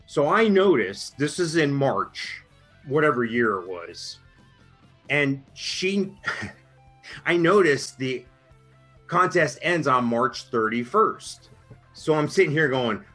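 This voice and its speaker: A man's voice: mid-range voice, very animated, slow pace, pauses often, a bit bright, faint music behind. A middle-aged man casually telling a funny story on a podcast, laughing as he goes. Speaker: podcast co-host.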